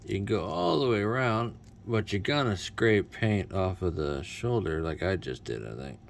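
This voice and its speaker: A man's voice: low-pitched, expressive, moderate pace, gravelly, slight background noise. A man doing casual unboxing commentary as a toy reviewer, with wry, self-mocking asides.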